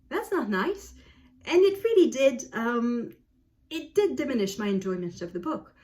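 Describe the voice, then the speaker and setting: A woman's voice: on the high side, a little mellow. A woman from Canada, a book video host, giving casual spoken commentary in a rambling way with many fillers and restarts. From French Canada.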